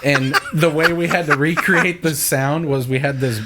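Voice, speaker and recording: A man's voice: moderate pace, heavy background noise. A young adult man, a church audio engineer, telling stories in a casual interview and acting out quoted lines in a raised voice. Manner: animated, acts out quoted voices with a higher pitch.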